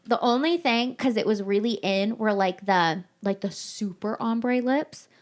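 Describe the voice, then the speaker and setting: A woman's voice: mid-range voice, unhurried. A woman hosting a casual chat, telling dramatic stories with lots of swearing. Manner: animated, dramatic storytelling, swears often. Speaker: podcast host.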